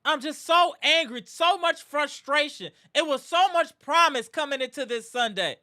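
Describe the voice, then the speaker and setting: A woman's voice: high-pitched, expressive, normal speed, bright, forceful tone. A woman hosting a live sports reaction stream, ranting in anger and frustration with repeated outbursts. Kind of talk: live fan reaction rant.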